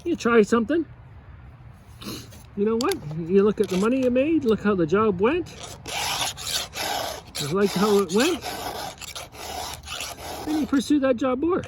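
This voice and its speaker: A man's voice: very high voice, very animated, measured pace, pauses often, background noise. A man who runs a fishing lodge, giving rambling, folksy work advice while sharpening a chainsaw, chuckling as he goes. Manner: folksy, chuckling, repeats and restarts often.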